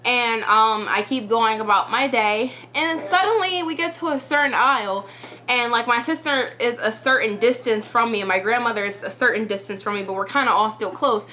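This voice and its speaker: Young female vlogger, chatty storytime delivery, bright tone. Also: on the high side, brisk. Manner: chatty, full of "like" fillers. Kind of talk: storytime vlog.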